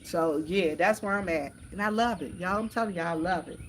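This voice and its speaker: A female vlogger streams from her phone in the countryside near some horses, chatting loosely, repeating herself and addressing her audience as "y'all" over and over. She has a lowish voice and talks fairly quickly, with a faint hiss or hum in the recording.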